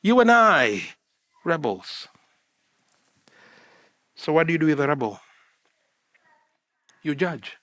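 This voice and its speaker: A middle-aged man preaching a sermon in a church, animated and acting out little scenes and asides to the congregation. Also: a little high, slow pace, long pauses. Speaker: pastor.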